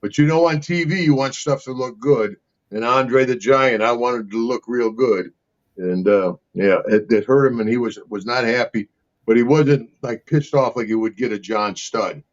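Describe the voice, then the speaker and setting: A man's voice: mid-range voice, moderate pace. An older man, an interview guest, telling casual rambling stories and laughing often between them. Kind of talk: casual storytelling. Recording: slightly dull lo-fi sound.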